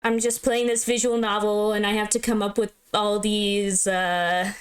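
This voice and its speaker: A woman's voice: mid-range voice, flat delivery, measured pace, clean tone. A young woman giving casual, giggly, playfully dramatic commentary while playing a visual novel. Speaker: game streamer. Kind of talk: casual let's-play commentary.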